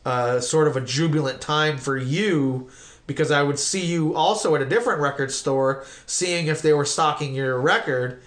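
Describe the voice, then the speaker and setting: A middle-aged man hosts a loose, conversational interview. He tells long, rambling stories with lots of fillers and the odd swear word, and his voice sits a little high for a man. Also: moderate pace. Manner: rambling, animated storytelling with profanity. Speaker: podcast host.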